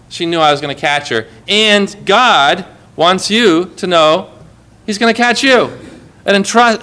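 A middle-aged man, a pastor, preaching a sermon, moving between emphatic rises and quiet, hushed asides. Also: sits high, clean tone.

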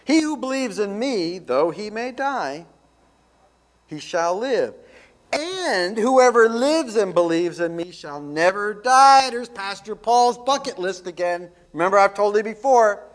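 A man, a pastor, delivering a radio ministry sermon with emphatic, deliberate preaching that repeats key phrases. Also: sits high, expressive.

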